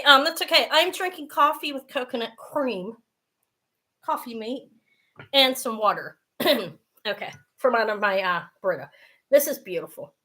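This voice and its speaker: A middle-aged woman hosting a live jewelry sale, chatty and self-mocking, swearing freely and breaking into loud laughter. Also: sits high. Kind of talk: casual live-stream selling.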